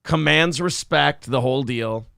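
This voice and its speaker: A man's voice: mid-range voice, measured pace, vocal fry, pushed and bright, clear, resonant tone, no room sound, studio quality. A man hosting a morning show, chatting casually and jokingly, acting out little bits in character voices. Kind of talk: casual comedic chat.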